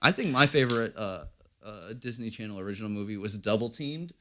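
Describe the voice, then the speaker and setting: A man's voice: on the low side, lively intonation, a little fast, bright, forceful tone, a little hiss or hum. A man hosting a podcast in casual chat, easygoing and joking, with lots of fillers. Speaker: podcast host.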